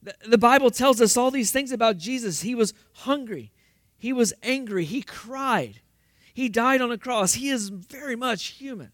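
A man's voice: very high voice, normal speed, a bit bright, no echo, studio quality. A man preaching a sermon, asking the congregation rhetorical questions and rising to emphatic bursts. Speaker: pastor.

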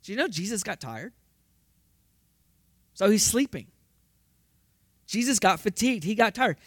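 A man's voice: sits high, lively intonation, a little slow, a bit bright, no echo, studio quality. A man preaching a sermon, asking the congregation rhetorical questions and rising to emphatic bursts. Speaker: pastor.

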